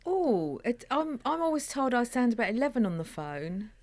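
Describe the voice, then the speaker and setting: A woman's voice: fairly high pitch, sing-song, moderate pace, a little mellow. A woman co-hosting a radio chat from a studio, with a voice that sounds much younger than her age. She talks in a hesitant way, often stopping to restart her sentences. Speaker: radio co-host. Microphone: studio mic.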